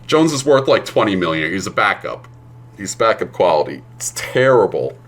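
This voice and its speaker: Low-voiced man ranting on a stream. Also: big pitch swings, normal speed, fairly bright tone. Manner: profane, ranting. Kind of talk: casual chat while streaming a game.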